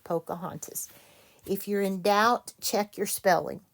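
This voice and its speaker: A woman teacher leading a reading lesson for children, patient and quick to correct herself. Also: medium pitch, fairly even intonation, gravelly. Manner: slow, patient, self-correcting.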